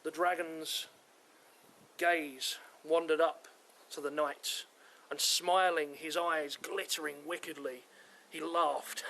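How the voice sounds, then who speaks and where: A man narrating a folk tale in a measured, dramatic way. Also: a little high, flat delivery, creaky, pushed and bright, poor audio. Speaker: storyteller. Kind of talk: live storytelling narration.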